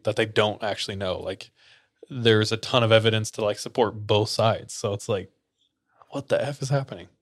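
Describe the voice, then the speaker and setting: A man co-hosting a casual podcast who reacts with quick interjections and then narrates a story. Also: fairly low pitch, fairly even intonation. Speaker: podcast co-host.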